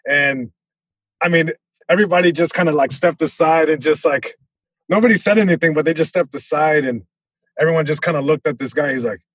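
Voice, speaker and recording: A man from Southern California, a comedian guest telling a story on a podcast, animated, with many restarts. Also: fairly high pitch, fast talker, no echo, poor audio.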